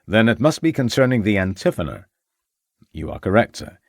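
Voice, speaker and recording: A self-assured American doctor , read by a man, who speaks in a slow, formal drawl. His deep voice rises and falls freely, and he never sounds rattled. It is a crime audiobook read in a dry room. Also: very animated, gravelly, no echo.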